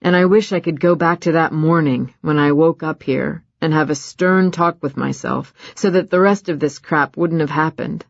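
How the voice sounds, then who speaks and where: A woman's voice: sits low, moderate pace, gravelly, hardly any pauses, no echo. A woman voicing a hesitant, earnest young man apologizing and asking for another chance, on dry, slightly muffled audio. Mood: apologetic.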